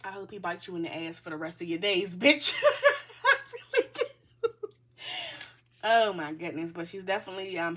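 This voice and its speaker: A woman's voice: fairly low pitch, fairly bright tone. A woman giving a tarot reading in a casual, chatty way. She speaks bluntly, swears freely and keeps addressing her listeners as the collective. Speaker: tarot reader.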